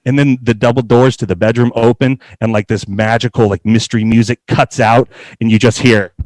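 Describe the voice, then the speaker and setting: A man's voice: medium pitch, steady tone, a little fast, a little mellow, dry recording. A man in his thirties telling a funny story in a loose, casual way, swearing and laughing often.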